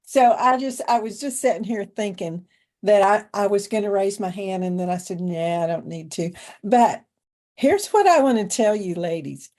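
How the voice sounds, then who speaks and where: A woman's voice: medium pitch, lively intonation, normal speed, darkish tone. An older woman with a Southern drawl, folksy, sassy and playful. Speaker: speaker.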